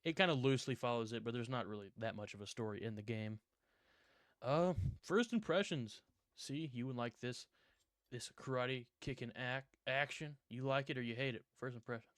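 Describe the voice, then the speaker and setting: A man hosting a casual video game podcast, loud and laughing, hyped up between jokes. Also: mid-range voice, normal speed, dry recording, clean studio sound. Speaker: podcast host.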